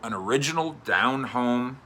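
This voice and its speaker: Bright-voiced, chatty male sports columnist. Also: mid-range voice, unhurried, a little hiss or hum. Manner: chatty, animated storytelling with fillers. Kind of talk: casual commentary to camera.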